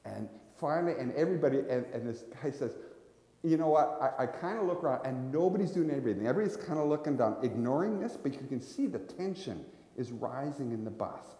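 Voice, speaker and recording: A man's voice: mid-range voice, lively intonation, brisk, dark tone. A man preaching a sermon as a visiting missionary, telling stories in a conversational way with frequent restarts. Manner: conversational storytelling with restarts, voicing characters. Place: church sanctuary. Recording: echoey church hall.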